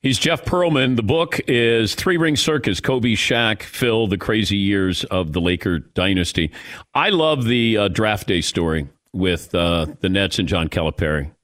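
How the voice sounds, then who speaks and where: Low-voiced male talk show host. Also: animated, unhurried, a bit bright, no room sound, studio quality. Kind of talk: sports talk interview.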